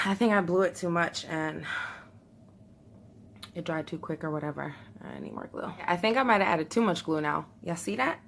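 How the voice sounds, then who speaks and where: A woman's voice: lowish voice, moderate pace, creaky, long pauses, a bit bright, slight background noise. A young woman chatting to her viewers while trying something new at home, nervous, laughing often and talking straight to the camera. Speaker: vlogger. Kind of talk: casual beauty vlog chat.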